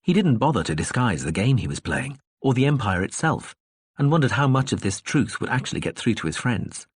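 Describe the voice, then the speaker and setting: A man narrating an audiobook in a calm storytelling manner. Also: fairly low pitch, husky, dry recording, studio quality. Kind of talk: scripted narration.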